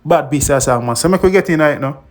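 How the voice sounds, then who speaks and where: Man, Jamaican accent, reaction vlog host, chatty patois banter, higher pitched voice. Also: fast.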